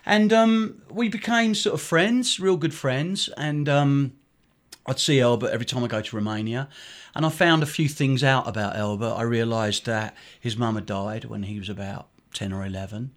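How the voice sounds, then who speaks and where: Middle-aged man, charity director, conversational storytelling, rambling, lots of ums and restarts, medium pitch. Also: normal speed. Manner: rambling with many fillers and restarts. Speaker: charity director, interview guest.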